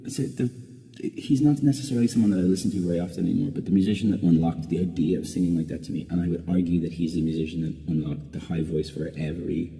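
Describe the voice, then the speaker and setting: A man's voice: low-pitched, fairly even intonation, fast talker, vocal fry, mellow. A man, a singer being interviewed, answering casually and rambling with lots of restarts and "like" fillers. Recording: long reverb.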